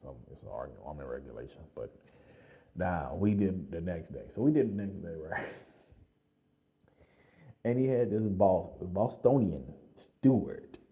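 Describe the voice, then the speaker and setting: A man with a very deep voice tells a story from his own life as a casual vlog. He talks in an animated way, laughs often and leans on fillers. The sound is dull and slightly lo-fi. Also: unhurried, long pauses. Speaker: vlogger telling a personal story.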